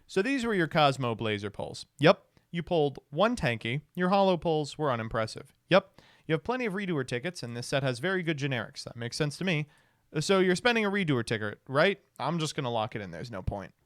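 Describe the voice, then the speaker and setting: A man's voice: a little high, big pitch swings, brisk, dry recording. A man streaming, reacting to videos and reading viewer comments aloud with dry asides.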